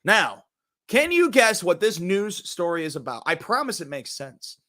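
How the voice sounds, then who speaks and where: A young man hosts a loose entertainment news show, joking and rambling between stories. His voice sits a bit high and sounds bright and forceful, and he swears casually and lets sentences trail off into mutters. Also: very animated, moderate pace. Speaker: podcast host.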